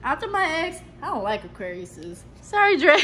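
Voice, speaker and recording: A woman's voice: sits high, big pitch swings, a little slow, bright, forceful tone, a little hiss or hum. A young woman vlogging late at night in a recording studio, telling her day's story in a loose, profane, ranting way. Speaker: vlogger and singer. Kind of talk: casual chat to camera.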